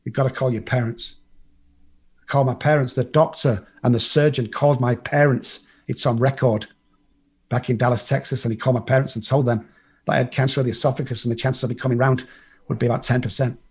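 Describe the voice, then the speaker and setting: Husky-voiced man, recovery speaker, salty storyteller who plays every part himself. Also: mid-range voice, steady tone, fast, a little mellow. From England. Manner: blunt and profane, acts out the voices in his story. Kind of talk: personal storytelling to a live group.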